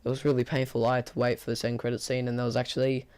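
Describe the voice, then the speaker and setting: A man reviews a movie casually, speaking very fast in a mid-range voice that sounds hoarse and worn out. His delivery is flat and bored, rambling with lots of fillers and false starts.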